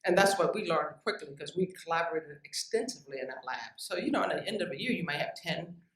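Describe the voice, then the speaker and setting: Low-pitched and quick, a woman scientist's voice carries a direct, emphatic motivational lecture aimed at young researchers, with lively asides along the way. The echoey room and distant mic are audible.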